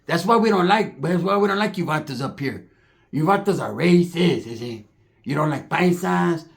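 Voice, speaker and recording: A man's voice: fairly high pitch, normal speed. A man telling a comedic story in slangy street talk, acting out the people in it. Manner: slangy, animated, acts out other characters' voices.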